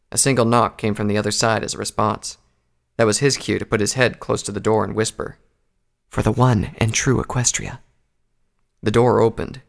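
A man narrating a story aloud in a steady, even storytelling manner. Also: on the low side, vocal fry.

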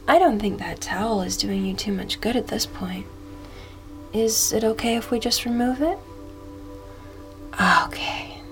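Whispered role-play: woman as a soft, teasing masseuse, faint music behind. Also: mid-range voice, vocal fry. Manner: soft, doting, teasing with frequent giggles. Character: affectionate flirty female masseuse. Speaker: masseuse character.

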